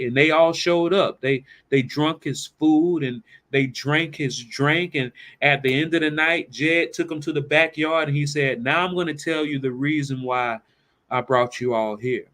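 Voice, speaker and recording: A man's voice: a little high, fairly bright tone. Man presenting a financial workshop. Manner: conversational, asks rhetorical questions. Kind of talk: storytelling in a seminar talk.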